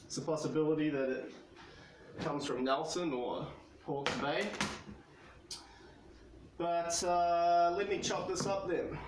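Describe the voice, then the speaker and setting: A New man chatting through a homemade vlog in an easygoing, rambling way, stumbling over fillers as he goes. His mid-range voice sounds roomy, with loud traffic rumbling outside. He talks at an unhurried pace. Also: fairly even intonation. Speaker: vlogger. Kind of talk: casual vlog talk. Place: home kitchen, then outside by the back door.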